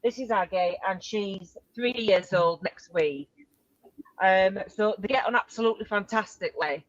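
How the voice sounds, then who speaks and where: A woman's voice: mid-range voice, normal speed. A woman, a dog owner, chatting casually on a live call and describing her two dogs in a breezy way. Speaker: dog owner asking a question. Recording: dull, lo-fi dry call audio.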